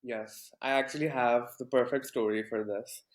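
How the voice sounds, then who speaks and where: A man's voice: mid-range voice, steady tone, moderate pace, roomy sound. A young man from Pakistan, a podcast guest telling a story casually with lots of fillers and restarts. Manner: rambling, many fillers and restarts.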